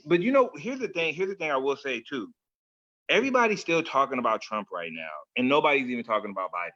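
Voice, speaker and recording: Bright, lively man in casual chat. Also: mid-range voice, fast talker, muffled recording. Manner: animated storyteller, laughs often, says like and man a lot.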